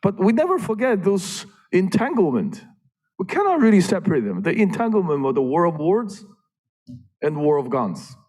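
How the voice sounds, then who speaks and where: A man giving an academic panel talk, lively and emphatic, with fillers and restarts. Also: high-pitched, normal speed. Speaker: panel speaker.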